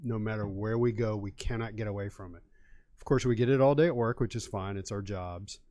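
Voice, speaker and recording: Middle-aged male co-host, low voice, dry close mic, relaxed wry storyteller. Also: fairly quick, no room sound. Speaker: podcast co-host, sports writer. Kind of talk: casual podcast chat.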